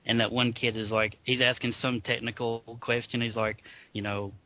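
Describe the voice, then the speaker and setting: A man's voice: medium pitch, little pitch movement, normal speed. A man co-hosting a podcast, chatting casually and laughing as he retells favorite scenes. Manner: laughs often while recounting scenes. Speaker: podcast co-host. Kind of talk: casual chat. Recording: dull lo-fi audio.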